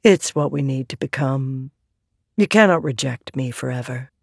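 Woman doing a soft-voiced shadow spirit. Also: extremely low pitch, moderate pace, gravelly, no echo, studio quality, heavily acted. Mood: quietly insistent. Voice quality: soft, quiet. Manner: calm, insistent, coaxing. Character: soft-spoken smoke-headed female shadow spirit.

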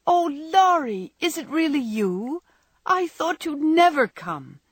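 A woman reading aloud, voicing an eager young woman who speaks with bright excitement. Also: lowish voice, fairly quick, breathy edge, no echo, studio quality, full character voice. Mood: excited.

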